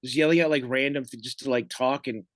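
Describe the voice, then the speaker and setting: A man, a comedian, telling stories in casual chat, rambling with lots of fillers and quoting people in lively voices. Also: mid-range voice, quick pace, dry recording. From Michigan. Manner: rambling, animated storytelling with many fillers. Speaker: comedian guest.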